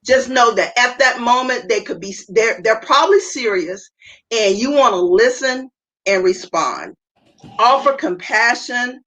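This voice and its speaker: A woman's voice: a little high, expressive, measured pace, a bit bright, rough recording. A woman speaking as a panel guest over a video call. She talks earnestly, repeats her key phrases and restarts often. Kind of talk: earnest advice talk.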